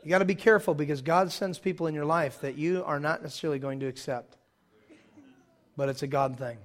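A man's voice: fairly high pitch, fast talker. A male pastor preaching a sermon in a church, telling stories animatedly and leading the congregation in call-and-response. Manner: animated storytelling with shouted bursts and call-and-response.

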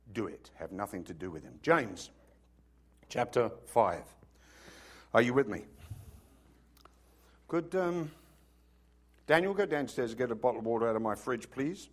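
A man preaching a sermon as pastor, telling stories with sudden swings from loud bursts to hushed asides, and he has a cough. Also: mid-range voice.

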